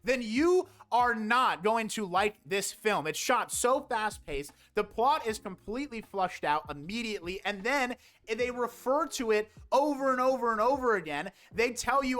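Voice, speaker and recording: A man's voice: very high-pitched, expressive, unhurried, fairly bright tone. A young man giving a casual, exasperated movie review, sarcastic and swearing often.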